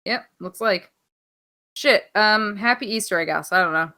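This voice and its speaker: A woman's voice: mid-range voice, moderate pace, pushed and bright. A young woman co-hosting a wrestling podcast, casual, playful and sarcastic, swearing freely. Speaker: podcast co-host. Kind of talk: casual chat.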